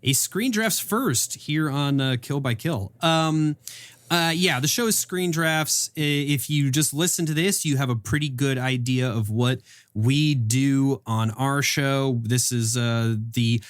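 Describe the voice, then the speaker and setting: A man chats eagerly and at length as a podcast guest. His voice sits at an ordinary middle pitch and sounds dry and close, with no room around it. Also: takes it slowly, clear, resonant tone, dry recording. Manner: rambling, eager promo talk. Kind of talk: casual podcast chat.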